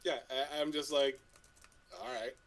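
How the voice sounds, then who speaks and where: Man co-hosting a podcast. His speech is loose and rambling, full of restarts and casual swearing, and his voice sits at a middle pitch. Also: steady tone, unhurried, fairly bright tone, low-quality recording. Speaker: podcast co-host. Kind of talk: casual storytelling chat.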